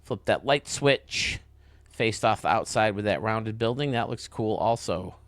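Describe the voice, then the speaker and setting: Enthusiastic young man, low voice, dry sound. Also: a bit bright, dry recording. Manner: enthusiastic and casual, quick praise. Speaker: host. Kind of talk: video game commentary.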